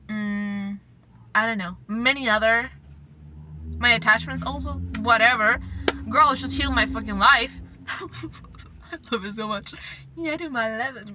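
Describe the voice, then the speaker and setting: A woman's voice: a little high, measured pace, pauses often, noisy background. A young woman hosting her own channel, chatting casually in a rambling, profane, effusive way that sometimes drops into a whisper. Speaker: channel host. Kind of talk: casual chat.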